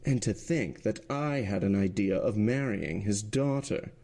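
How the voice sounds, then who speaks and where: A man's voice: lowish voice, a little slow, creaky, dark tone. A man voicing a callous young male socialite speaking offhandedly.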